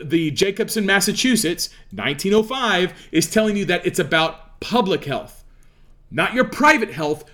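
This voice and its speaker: A man's voice: high voice, fairly bright tone. A man giving an explanatory talk on law as a commentator, emphatic and lecturing, firing off rhetorical questions. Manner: preachy, lecturing. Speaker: legal commentator.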